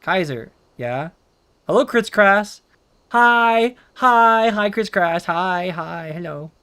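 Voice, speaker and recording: A man's voice: high voice, slow, a bit bright. A young man streaming a game, chatting casually and playfully with his chat, rambling and throwing in meows. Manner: playful, rambling, reacts to chat, says meow. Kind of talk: casual live-stream chatter while gaming.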